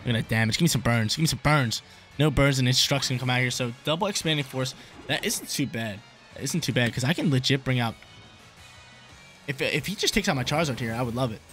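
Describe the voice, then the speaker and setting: A young gaming YouTuber thinks aloud as he commentates his own game, speaking fast in casual slang and often repeating his lines. His medium-pitched voice is a bit bright, with lively intonation, and game music plays in the background.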